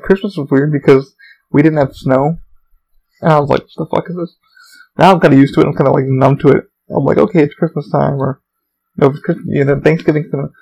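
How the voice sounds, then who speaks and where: Gravelly-voiced man rambling casually. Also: on the high side, darkish tone, poor audio. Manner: profane, meandering storytelling. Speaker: podcast host.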